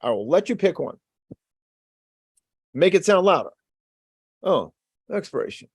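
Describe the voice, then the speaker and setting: A man giving a lively webinar lecture as an exam prep instructor, repeating key phrases and drawing his audience into call-and-response. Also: on the high side, unhurried, breathy edge, dry recording. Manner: energetic, call-and-response teaching.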